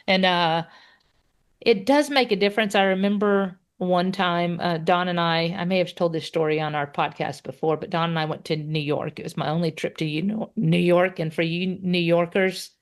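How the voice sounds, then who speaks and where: A woman's voice: on the low side, fairly even intonation, normal speed. Cheerful Texan woman telling a story. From Texas. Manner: cheerful storyteller, laughs often. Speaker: podcast co-host. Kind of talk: casual chat.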